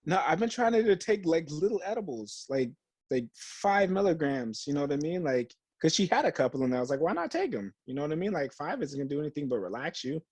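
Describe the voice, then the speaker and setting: A man's voice: on the high side, lively intonation, fast, darkish tone, slightly rough, dry recording. A young man co-hosting a podcast, chatting casually and acting out quotes as he tells a story, swearing freely and using lots of slang. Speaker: podcast co-host. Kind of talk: casual chat.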